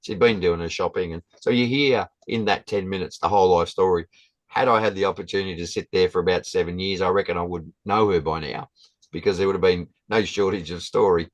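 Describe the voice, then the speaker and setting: A man, a guest telling a story in a halting, casual way with many restarts. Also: deep voice, steady tone, no room sound, muffled recording.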